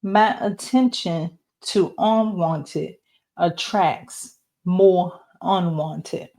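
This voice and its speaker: Slow low-voiced woman reading oracle cards. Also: dark tone. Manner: slow, reflective, speaks to viewer directly. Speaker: oracle card reader. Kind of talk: spiritual card reading.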